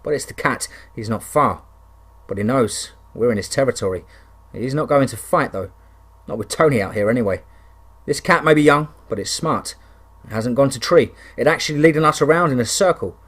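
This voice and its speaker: A man's voice: mid-range voice, fairly quick, fairly bright tone. Man narrating a wilderness horror story. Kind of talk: scripted first-person story narration.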